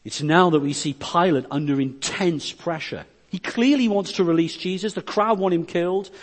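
A man's voice: a little high, normal speed. A man preaching a sermon, reading scripture verses aloud and explaining them, his delivery rising and dropping in force. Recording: long reverb of a hall.

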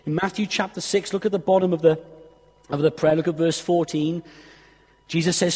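A man's voice: a little high, fairly even intonation, moderate pace, long pauses, darkish tone, breathy edge. A man preaching a sermon, reading scripture aloud and pressing its point earnestly to the congregation. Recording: long hall reverb.

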